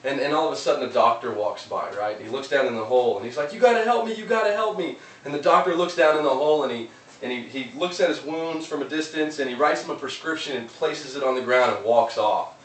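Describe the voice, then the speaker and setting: A man's voice: mid-range voice, fast talker, fairly bright tone. A man giving an earnest, casual motivational talk, often restarting his words. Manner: earnest, loose, with many repeated restarts. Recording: roomy, distant mic, faint noise.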